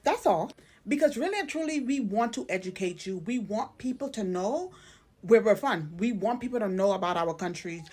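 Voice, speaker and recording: A woman's voice: mid-range voice, expressive, normal speed, a little mellow, slightly rough. A woman from the Caribbean speaking emphatically in a social media commentary clip, explaining and educating.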